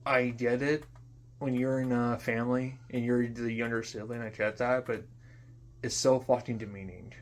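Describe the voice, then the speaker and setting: Young man, vlog rant, mid-pitched, profane, repetitive, drops to mutters. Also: fairly even intonation, normal speed. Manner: frustrated, profane, repeats himself, trails off into quiet mutters. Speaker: vlogger. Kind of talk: unscripted ranting monologue.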